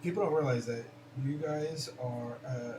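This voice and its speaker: A man's voice: medium pitch, normal speed. A man hosting a casual conversation, talking in an earnest, thoughtful way with frequent restarts. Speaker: host. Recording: roomy, distant mic with noise.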